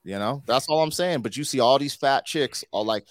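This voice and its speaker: This is a man with a mid-range voice speaking at normal speed, captured dry in clean studio sound. He hosts a podcast, chatting loosely in slang with plenty of "like" and "you know."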